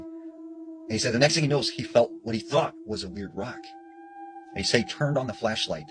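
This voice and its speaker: A man's voice: mid-range voice, background noise. A man retelling a story in a casual, conversational way, with lots of "you know" and "like". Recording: music playing underneath.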